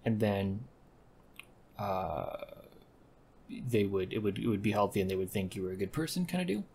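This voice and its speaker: A man rambles through casual game commentary, stopping to correct himself and toss off deadpan asides. His voice is low and gravelly, with a faint hiss behind it. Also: moderate pace. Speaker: gaming commentator.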